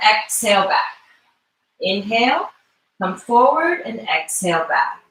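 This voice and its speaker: Calm woman coaching breathing, echoey room. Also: on the high side. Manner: calm, guiding breath cues. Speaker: mobility instructor. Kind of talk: live online movement class. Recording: echoey room, mic far off.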